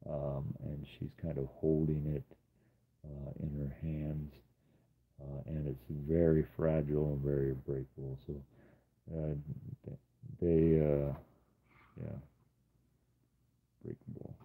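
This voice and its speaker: A man's voice: rumbling low, little pitch movement, slow pace, pauses often, slightly rough. A man casually walking through his sketchbook, rambling with many ums and uhs. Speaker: artist showing his sketchbook. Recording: tinny phone-like sound.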